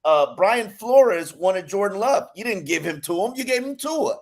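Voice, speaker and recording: A man's voice: high voice, animated, moderate pace. A man on a sports podcast ranting in an exasperated way, repeating words as he gets worked up. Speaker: podcast columnist. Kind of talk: heated sports podcast rant.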